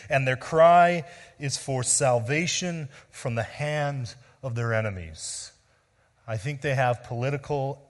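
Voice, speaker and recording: A male pastor delivering a sermon with a slightly raised pitch. He speaks in an earnest teaching tone and sinks low and quiet on the words he stresses. His voice carries a long reverb from the church sanctuary around him.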